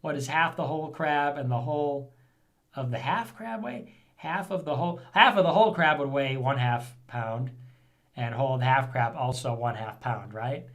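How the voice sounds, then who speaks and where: A man hosting a vlog in a casual commentary style, rambling, sarcastic and thinking out loud. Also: mid-range voice, normal speed. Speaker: vlog host reading viewer messages.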